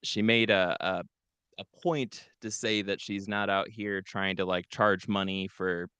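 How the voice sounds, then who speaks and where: A man's voice: deep voice, fairly even intonation, unhurried, pushed and bright, clean tone, dry recording, highs cut off. Laid-back man hosting a call-in show. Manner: laid-back, rambling, with fillers. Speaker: show host. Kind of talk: casual call-in show chat.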